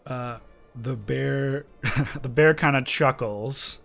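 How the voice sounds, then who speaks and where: Laughing, joking game master. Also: male voice, mid-range voice, slow pace, vocal fry, fairly bright tone, faint music behind. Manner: laughs often, loose and joking. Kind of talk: narrating a solo tabletop game on stream.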